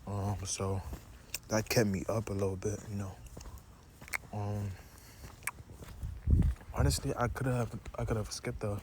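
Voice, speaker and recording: A young man chews gum as he vlogs in a loose, rambling way, peppering his speech with "you know" and "like." His voice sits on the low side with a level tone, and he talks at a measured pace with long pauses. Faint background noise can be heard.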